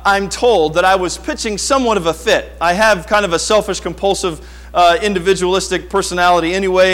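A middle-aged man preaching a sermon, telling an animated story from his childhood and acting out his younger self before turning to scripture. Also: sits high. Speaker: pastor.

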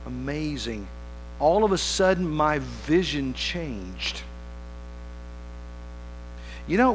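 A man's voice: high voice, pushed and bright, low-quality recording. A man preaching a sermon as pastor, talking conversationally, asking the congregation rhetorical questions and mixing in playful humor.

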